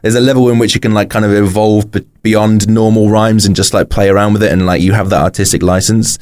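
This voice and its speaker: A man's voice: lowish voice, little pitch movement, fast talker, darkish tone. A British man chatting casually on a podcast as a guest, explaining things in rambling sentences full of fillers. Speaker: podcast guest, rapper and author.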